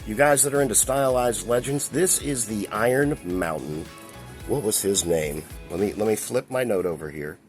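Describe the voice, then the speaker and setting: A man gives a casual, rambling review of a collectible toy while handling the figure, chatting away and chuckling now and then. His voice is fairly low and his speed normal, with faint music behind him.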